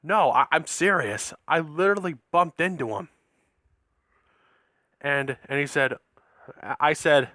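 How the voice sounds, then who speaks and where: A man's voice: a little high, lively intonation, a little slow, pauses often, sharp tone, no echo, clean studio sound. A man casually telling a made-up story, rambling along with many restarts and repeated words. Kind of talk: casual spoken fan-fiction story.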